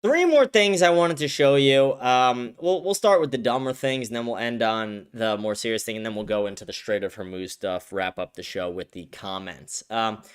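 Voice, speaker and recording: A man's voice: mid-range voice, fairly bright tone, smooth. A man hosting a live-stream show, ranting bluntly in casual commentary, heavy on profanity.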